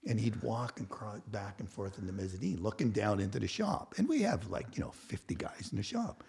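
A man's voice: medium pitch, fairly quick, vocal fry, breathy edge. A man in his sixties, a podcast guest, telling a work story in casual chat, acting out the people he quotes and swearing freely. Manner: animated storyteller who acts out quotes, laughs and swears.

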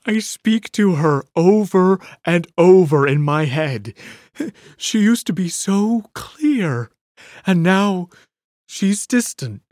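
The narrator voicing a distraught, unstable grown man who wails and pleads in a high, trembling voice. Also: expressive, slow, a little mellow, no echo, studio quality. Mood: wailing.

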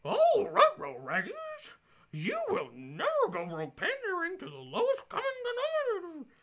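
A shrill squeaky cartoon reviewer. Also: male voice, huge pitch swings, moderate pace, a bit bright, exaggerated voice. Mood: mocking.

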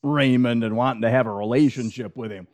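A man's voice: mid-range voice, brisk, a little mellow. A man co-hosting a casual podcast chat, retelling movie scenes with quoted lines and laughter. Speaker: podcast co-host.

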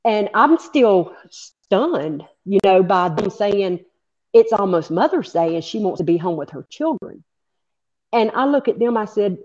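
A woman's voice: mid-range voice, expressive, measured pace, darkish tone, highs cut off. A woman being interviewed as the mother of a victim, speaking bluntly and angrily with plenty of swearing. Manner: blunt, angry, profane. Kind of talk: interview, recounting events.

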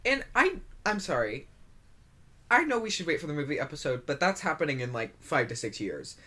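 A woman's voice: low voice, sing-song, fairly quick, bright, forceful tone. A woman co-hosting a book podcast, recapping the chapter in a dry, wry casual way. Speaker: podcast co-host.

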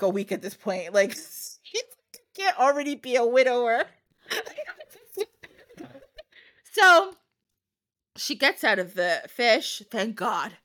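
Podcast host, woman, high lively voice, lots of giggles. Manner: giggly, animated, dramatic retelling. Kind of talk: casual storytelling.

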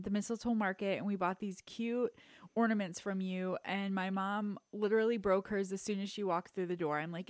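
A woman's voice: mid-range voice, no room sound, clean studio sound. A young adult woman co-hosting a podcast, chatting casually and acting out quoted lines as she tells a story. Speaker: podcast co-host. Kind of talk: casual chat.

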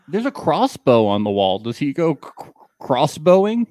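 A man's voice: on the high side, darkish tone, no echo, clean studio sound. A man co-hosting a casual podcast, recapping a reality show with jokes and put-on drawled quotes. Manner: jokey, puts on mock Texas drawl when quoting. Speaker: podcast co-host.

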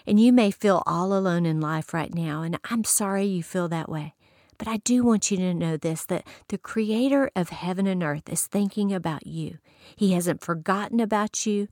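A woman's voice: on the low side, moderate pace, darkish tone, no room sound, clean studio sound. A woman giving a folksy inspirational sermon, telling stories and laughing often.

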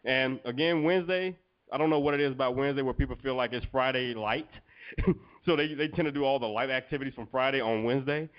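A man's voice: medium pitch, quick pace. Easygoing guy on a podcast, laughs a lot, muffled sound. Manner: laid-back, laughs often, says "you know" a lot. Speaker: podcast co-host. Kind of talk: casual podcast chat. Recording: dull, muffled audio.

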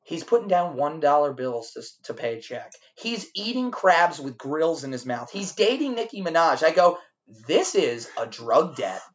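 A man on a podcast telling a rowdy restaurant story, animated and profane, acting out the shouting. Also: a little high, moderate pace, hardly any pauses, dull audio. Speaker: podcast co-host. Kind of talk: casual storytelling over drinks.

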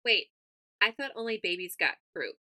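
A woman co-host chatting casually, quick to agree and jump in with questions. Her voice is very bright and moves a lot in pitch. The recording is dry and close. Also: expressive, dry recording. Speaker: podcast co-host. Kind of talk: casual chat.

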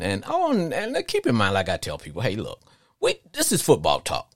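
Animated middle-aged man talking sports. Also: on the high side, moderate pace, no room sound, clean studio sound. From Arkansas. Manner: animated, rambling with frequent restarts. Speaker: sports podcast host. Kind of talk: call-in sports talk.

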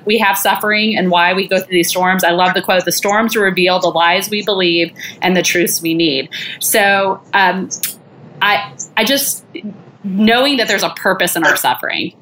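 A woman's voice: on the low side, a bit bright, a little hiss or hum. A woman hosting a faith conversation, hesitant and searching as she talks. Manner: hesitant, many fillers and restarts.

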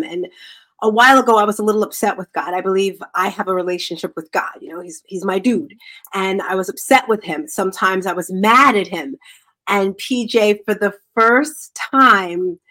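A woman's voice: mid-range voice, a bit bright. A woman hosting an interview show, talking in a candid, effusive and emotional way. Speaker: host. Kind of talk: casual interview chat.

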